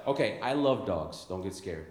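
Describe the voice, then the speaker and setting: A young man from Chicago doing a stand-up comedy set on a club stage, animated, laughing at his own lines and calling people "bro" and "dude.". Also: deep voice, normal speed. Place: comedy club stage before a live audience. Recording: roomy club sound.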